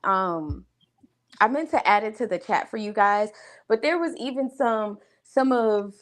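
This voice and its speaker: A woman co-hosting a casual talk radio show, speaking in a thoughtful, measured way with frequent pauses. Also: a little high. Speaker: co-host.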